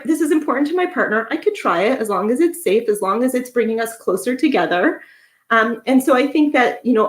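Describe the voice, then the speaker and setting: A woman's voice: on the high side, fairly bright tone. A woman therapist giving an educational talk, going through her points one by one in a conversational way. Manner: conversational, lists points step by step. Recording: echoey room.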